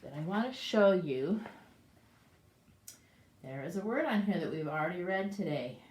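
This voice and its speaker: A woman as a preschool teacher reading a picture book to young children and asking them questions, in an animated way. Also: fairly low pitch, moderate pace. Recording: echoey room.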